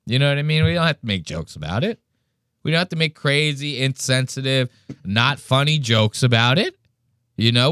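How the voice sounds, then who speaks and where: A podcast host with a mid-range voice chats casually, swearing often and mimicking people as he tells stories in an animated way. The studio sound is clean, with no echo.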